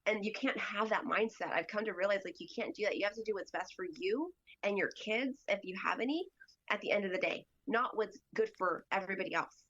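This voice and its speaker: The recording is muffled, but you can hear a woman of medium pitch talking a little fast in a fairly bright tone. As a podcast guest she spins a chatty, filler-laden story, voicing other people's lines along the way.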